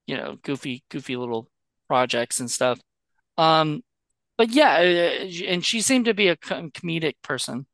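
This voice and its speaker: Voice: medium pitch, a bit bright, no echo. A podcast co-host chatting casually about a movie, rambling with many fillers and restarts. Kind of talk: casual movie-review chat.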